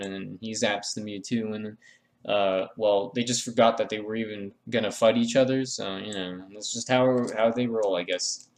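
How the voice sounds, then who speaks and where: A man talking through a drawing tutorial in a meandering, joking voice-over full of fillers and restarts. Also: on the low side. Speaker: art tutorial creator. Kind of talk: rambling comedic voice-over.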